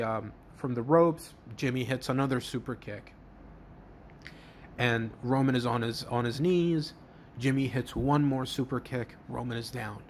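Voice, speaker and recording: A man's voice: mid-range voice, a little hiss or hum. A man casually narrating an imagined wrestling show step by step, often restarting and repeating words as he goes. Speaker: host, fantasy booker. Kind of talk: casual play-by-play storytelling.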